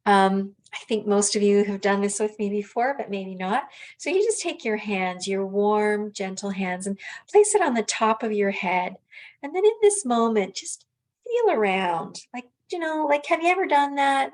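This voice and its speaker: A woman teaching a guided self-massage relaxation, speaking gently and unhurriedly with soft pauses and fillers. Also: medium pitch.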